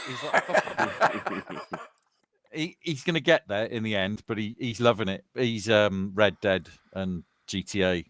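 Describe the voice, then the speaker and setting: This is a Welsh man in his fifties, a soldier, on casual online voice chat with his gaming friends. His voice sits on the low side and is fairly bright, his pace measured, with no room sound. He rambles easily and laughs while telling stories.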